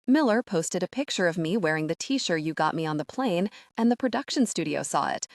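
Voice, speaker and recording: A woman's voice: fairly low pitch, expressive, a little fast, no echo, clean studio sound. A woman voicing a young male hockey player who talks in a light, casual, reassuring way.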